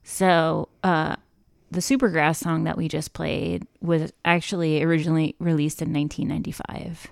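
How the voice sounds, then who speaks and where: A woman with a low, gravelly voice banters as a radio co-host, playful and quick to giggle. She speaks close to a studio microphone, and the sound is dry and near. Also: level tone, no room sound. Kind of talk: casual on-air banter.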